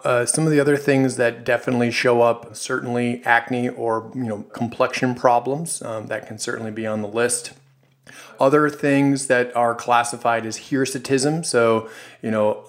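A man co-hosting a health podcast, speaking in a halting way with many fillers as he agrees and adds points. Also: medium pitch. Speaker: podcast co-host, health practitioner. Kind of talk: casual health podcast discussion.

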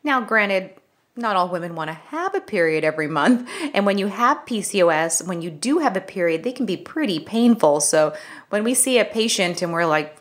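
A middle-aged woman co-hosting a health podcast, explaining things in a casual, conversational way that turns animated when she tells a story. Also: mid-range voice, a little fast. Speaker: podcast co-host, health practitioner.

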